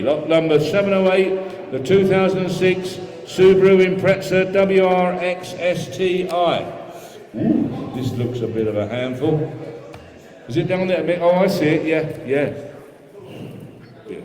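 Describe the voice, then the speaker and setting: A man calling a live auction, rattling off bids in quick rhythmic runs and chatting between lots. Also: high-pitched, a little mellow. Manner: rapid rhythmic bid calling with chatty asides. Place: auction hall. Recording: echoey hall with long reverb.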